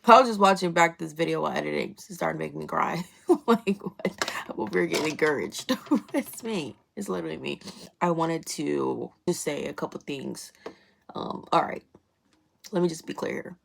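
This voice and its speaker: Woman faith vlogger with a low, gravelly voice, talking earnestly to her phone camera, repeating phrases for emphasis and calling viewers y'all. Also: moderate pace, a bit bright, a little hiss or hum. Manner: casual, addresses viewers as y'all. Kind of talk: spoken faith declarations and candid chat to camera. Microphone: phone camera, selfie-style.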